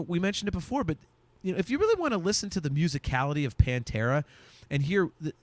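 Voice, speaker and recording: A man hosting a podcast, talking about music in relaxed, enthusiastic casual chat. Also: on the high side, no room sound. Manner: relaxed, enthusiastic, drops in fillers. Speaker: podcast host.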